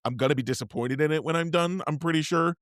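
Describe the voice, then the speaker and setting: A man co-hosting a sports podcast, talking in a relaxed, chatty and joking way. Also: on the high side, fast, no echo, studio quality. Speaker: podcast co-host. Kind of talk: casual podcast chat.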